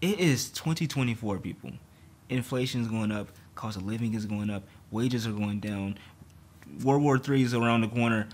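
A young man vlogging a frustrated, animated rant about his job, stumbling and restarting as he talks. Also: fairly low pitch, normal speed, slight background noise. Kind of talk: ranting to camera.

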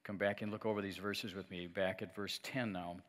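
Low-voiced pastor preaching in a reverberant church. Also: male voice, steady tone, a little fast, fairly bright tone. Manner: conversational, asks the congregation to respond and repeat; joking asides with light laughs. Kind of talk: sermon. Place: church sanctuary. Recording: long reverb of a church hall.

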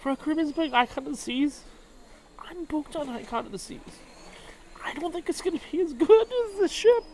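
A man's voice: very high voice, lively intonation, a little fast, a little mellow, slight background noise. A drunk man vlogging aboard a cruise ship, rambling emotionally and swearing often. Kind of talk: casual vlog monologue.

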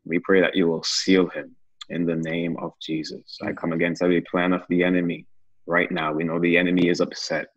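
A man's voice: deep voice, flat delivery, brisk, dry recording, dull audio. A man leading a casual Bible study, who closes it with an earnest, repetitive prayer. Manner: earnest, praying with repeated phrases.

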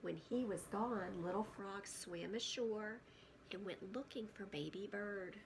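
A woman preschool teacher reading a picture book aloud to children, gentle and often hushed, stopping to ask questions. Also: mid-range voice, a little slow, slight background noise.

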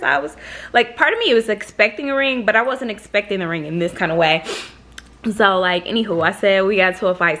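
A young woman tells a casual storytime vlog in a chatty, candid way. She swears freely and acts out the lines of the people in her story. Her voice sits at a middle pitch for a woman. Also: a bit bright. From Michigan. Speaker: vlogger.

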